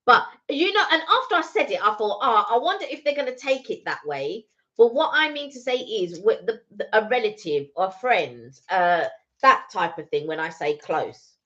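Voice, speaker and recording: A woman's voice: on the high side, very animated, moderate pace, pushed and bright, muffled recording. A woman co-hosting a casual live stream, telling stories in a rambling way with many restarts. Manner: rambling storyteller, full of "like" and restarts. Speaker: co-host.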